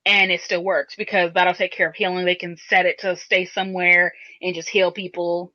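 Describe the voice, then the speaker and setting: In a dull, lo-fi podcast recording, a female co-host rambles through long explanations in casual chat, restarting often. She has a fairly low voice with little pitch movement, a moderate pace and a bright, forceful tone.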